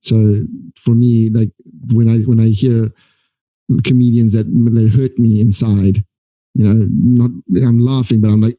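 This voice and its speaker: Male podcast host, very dark and warm tone, dry close sound, keen and halting. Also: fairly low pitch, level tone, no echo, poor audio. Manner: enthusiastic, searching for words. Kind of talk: casual conversation.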